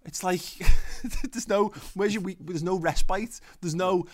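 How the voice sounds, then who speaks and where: A man's voice: high-pitched, a little slow. A man in his thirties co-hosting a casual chat show, rambling and swearing, often restarting his sentences. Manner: rambling, sweary, self-interrupting. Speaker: podcast co-host.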